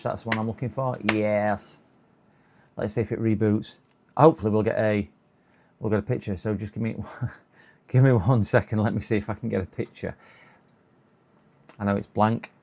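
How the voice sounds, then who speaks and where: With a lowish, creaky, slightly mellow voice, a weary man with a sore throat talks on a live stream as he repairs a computer. It's casual working commentary: he mutters to himself, chuckles, and coaxes things along with hope.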